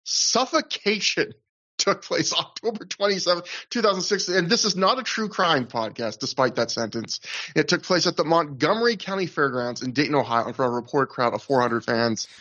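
A man's voice: a little high, normal speed, pushed and bright. Rambling man, slightly muffled podcast audio. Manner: rambling, laughs often, restarts mid-sentence. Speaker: podcast host. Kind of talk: casual podcast chat.

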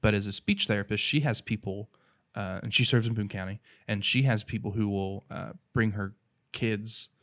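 A man's voice: on the low side, moderate pace, a bit bright. A man from North Carolina with an Appalachian accent, talking about faith in an earnest, rambling, casual way. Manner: earnest, rambling, many "you know" and "right".

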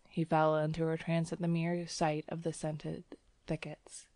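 A woman reads a story aloud in a low, unhurried voice. Her delivery is gentle and even, softening for quoted lines. The sound is close and dry, with no room around it. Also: dry recording. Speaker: audiobook reader. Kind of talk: scripted narration.

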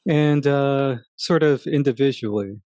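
A podcast co-host speaking gently and softly in conversation. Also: medium pitch, unhurried, dry recording.

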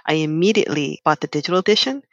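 A man co-hosting a podcast, talking excitably in casual chat. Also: a little high, rapid-fire, no room sound, lo-fi sound. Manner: excitable, animated, laughs. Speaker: podcast co-host.

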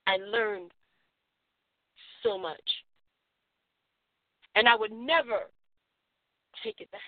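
A woman's voice: a little high, lively intonation, takes it slowly, pauses often, no echo. A woman hosting a motivational radio show, speaking emphatically and repeating affirmations for listeners to say along. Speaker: radio host. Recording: phone-like narrow sound.

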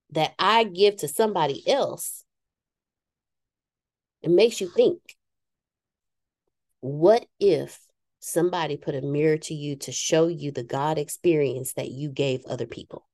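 A woman's voice: sits low, darkish tone. A woman co-hosting a casual talk show about spiritual growth, speaking candidly and poking fun at herself with preachy asides. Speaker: podcast co-host.

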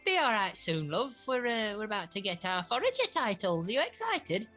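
A woman's voice: medium pitch, very animated, moderate pace, a bit bright, soft background music, pitched above the performer's own voice. A woman voicing a kindly, fussing old grandmother mushroom who calls everyone love. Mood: cheerful.

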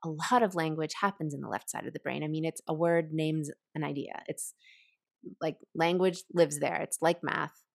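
A woman who teaches writing, explaining a creative exercise in an animated, conversational way and laughing often. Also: sits low, normal speed, gravelly. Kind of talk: conversational podcast interview.

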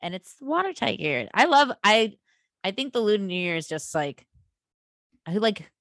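A woman's voice: medium pitch, very animated, moderate pace, fairly bright tone, no room sound, clean studio sound. A woman co-hosting a podcast in casual chat, playful and chatty, swearing casually. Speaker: podcast co-host.

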